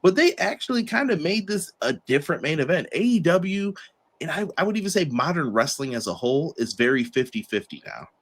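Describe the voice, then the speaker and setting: A man hosting a podcast, reviewing a wrestling show in a casual chat and acting out the wrestlers in quick put-on voices. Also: a little high, big pitch swings. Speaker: podcast host.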